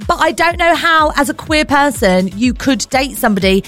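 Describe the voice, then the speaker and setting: A woman's voice: sits high, normal speed. A woman co-hosting a radio show in casual, emphatic chat, repeating herself as she rants. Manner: animated, ranting, emphatic repetitions. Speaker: radio co-host.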